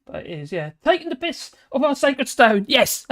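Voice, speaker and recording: Chatty older woman, lively pitch. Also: a little fast, few pauses. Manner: rambling, jokey, cheeky, laughs often. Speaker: live stream host. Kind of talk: casual chat with live viewers.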